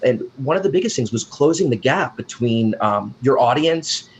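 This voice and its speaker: A man's voice: medium pitch, animated, normal speed, muffled recording, a little hiss or hum. A man from the United States, a wedding DJ and emcee, chatting in a friendly, storytelling way as a guest. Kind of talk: casual interview chat.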